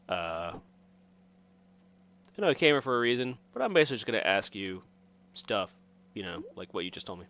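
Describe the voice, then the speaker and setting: A man's voice: fairly low pitch, big pitch swings, a little fast, a bit bright. A man making casual, joking asides while playing through a game. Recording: game music under voice. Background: game music.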